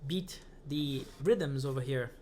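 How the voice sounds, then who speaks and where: A man's voice: medium pitch, slow pace, slight background noise. A man who speaks as his gives a casual music lesson, counting beats aloud between guitar examples. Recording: guitar playing heard loudly.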